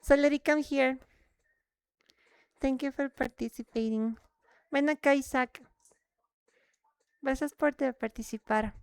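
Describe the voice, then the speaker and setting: Excitable bilingual woman streamer. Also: high-pitched, unhurried, long pauses, clear, resonant tone, no echo. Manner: excitable, switches between English and Spanish. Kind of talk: casual live-stream chat while gaming.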